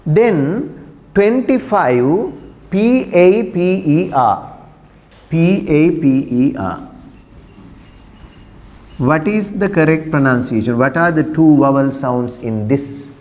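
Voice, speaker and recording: A man's voice: on the high side, expressive, slow, long pauses, a little mellow, dull audio. A man teaching pronunciation to a class, patiently repeating words and asking questions. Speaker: English teacher. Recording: long echoey room reverb.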